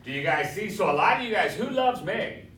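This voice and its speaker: A man's voice: sits high, animated, brisk, fairly bright tone. A male welding instructor who lectures his class in a swaggering storytelling way and quizzes his students as he goes. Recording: echoey classroom, far from mic, faint hiss.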